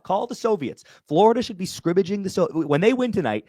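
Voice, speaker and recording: A rowdy young podcast co-host riffs loudly and jokes around, peppering everything with dude. His voice sits a bit high for a man and is recorded close and dry. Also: animated, fairly quick, no echo. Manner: rowdy, joking, says dude a lot. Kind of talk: casual sports chat. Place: podcast studio.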